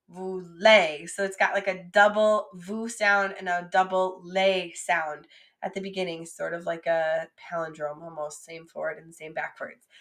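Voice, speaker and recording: A woman teaching French vocabulary patiently, saying words and pausing for the listener to repeat them. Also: medium pitch, a bit bright. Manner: patient, drills words for repetition. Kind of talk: recorded classroom lesson.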